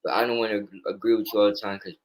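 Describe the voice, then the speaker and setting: A man with a fairly low voice co-hosts a loose football picks chat. He is blunt and excitable, and he trash-talks players as he goes. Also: rapid-fire, low-quality recording. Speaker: co-host. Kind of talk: casual sports picks chat.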